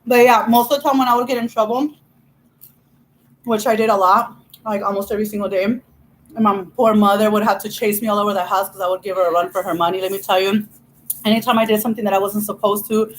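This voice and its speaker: A woman's voice: mid-range voice, fairly even intonation, fast, low-quality recording. A woman vlogger telling a childhood story in a chatty, laughing way, full of "you know". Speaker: vlogger host. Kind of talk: casual storytelling while eating.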